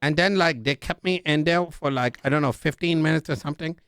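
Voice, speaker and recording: A man's voice: on the high side, fairly quick, a bit bright, clear, resonant tone, dry recording. A young man in character, telling a rambling story about being taken hostage, full of "like" and "dude" and acting out the other voices. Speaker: roleplay streamer in character.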